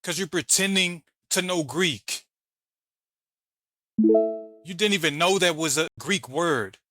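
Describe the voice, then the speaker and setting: Bright, combative male host. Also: fairly high pitch, takes it slowly, dry recording, faint music behind. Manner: combative, mocking. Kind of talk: commentary on a debate clip; scripture reading.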